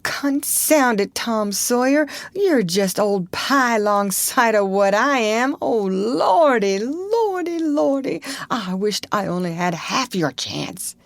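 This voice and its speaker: A woman's voice: fairly low pitch, animated, measured pace, no echo. A woman voicing a frightened, superstitious ragged country boy who talks in a rustic drawl. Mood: fretful. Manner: rustic drawling dialect, ain't and reckon.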